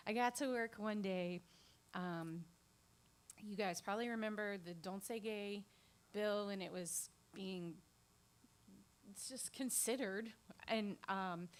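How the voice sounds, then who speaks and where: A woman singer-songwriter chatting between songs at a small live venue, giggly and rambling. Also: mid-range voice. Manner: giggly, rambling, self-deprecating. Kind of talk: chatty song introduction on stage.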